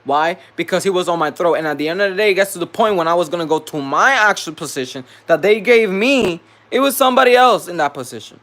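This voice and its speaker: A man's voice: high-pitched, lively intonation, quick pace, hardly any pauses, fairly bright tone. A man venting to camera in a vlog, angry and profane, repeating himself as he rants. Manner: heated, profane, repetitive venting. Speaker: vlogger.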